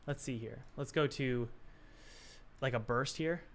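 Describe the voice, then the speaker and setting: Male game dev, mid-pitch, muttering self-talk while working, confused asides. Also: a little slow, slight background noise. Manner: muttering to himself, puzzled, self-talk with sighs. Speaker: game developer. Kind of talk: thinking aloud while working.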